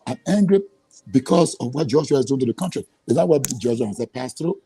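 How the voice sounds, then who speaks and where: A man's voice: mid-range voice, expressive, brisk, dark tone, breathy edge, dry recording, low-quality recording. A man with a Liberian English accent, speaking heatedly as an interview guest, often stammering and repeating himself when frustrated. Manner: angry, repetitive, stammering restarts.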